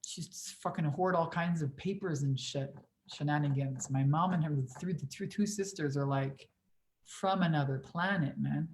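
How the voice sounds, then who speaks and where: A woman's voice: low-pitched, normal speed, darkish tone. A woman in her forties, a business coach on a livestream Q&A, talking in a blunt, profane, emphatic way. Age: 40s.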